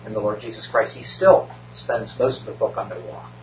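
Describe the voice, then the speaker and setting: Low-voiced man in an echoey room. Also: fairly quick, dull audio, a little hiss or hum. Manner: thoughtful, builds on others' points. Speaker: Bible study participant. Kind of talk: group discussion.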